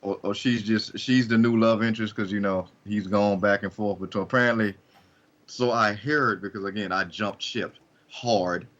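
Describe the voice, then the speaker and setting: A man's voice: fairly low pitch, fairly even intonation, normal speed, fairly bright tone. A man co-hosting a podcast in casual chat, speaking hesitantly with many restarts. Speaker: podcast co-host. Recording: dull lo-fi sound.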